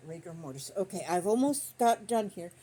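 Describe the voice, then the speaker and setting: A woman's voice: medium pitch, lively intonation, normal speed, warm tone. An older woman vlogging as she sews quilt squares, rambling through folksy stories in a chatty country way. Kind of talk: casual chat while sewing. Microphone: phone on a stand.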